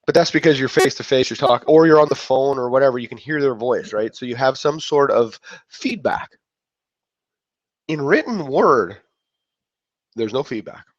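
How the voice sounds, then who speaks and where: A man's voice: medium pitch, expressive, normal speed, no room sound. A man giving a casual motivational talk, rambling and breaking off mid-thought, acting out other people's reactions. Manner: rambling, self-interrupting, acts out quoted reactions. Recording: dull lo-fi dry sound.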